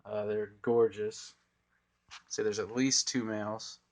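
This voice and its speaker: A man's voice: fairly low pitch, little pitch movement, slow. A young man giving a casual, rambling tour of his home aquariums while filming on a phone. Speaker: aquarium hobbyist vlogger. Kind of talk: casual tank tour walkthrough. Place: indoor home room full of aquariums. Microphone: phone camera held by the speaker.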